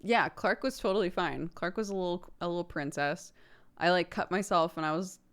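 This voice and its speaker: A woman's voice: fairly low pitch, fairly quick. A young woman streaming, chatting casually with her viewers in a rambling way full of fillers. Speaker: streamer host.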